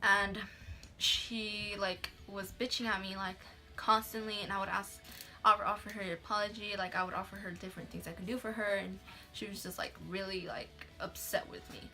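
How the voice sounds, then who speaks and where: Bright-voiced young woman telling a story. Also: medium pitch, steady tone, moderate pace, faint music behind. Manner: casual and chatty, swears freely, says "like" constantly; mixes in Spanish words. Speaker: vlogger. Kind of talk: casual storytime vlog.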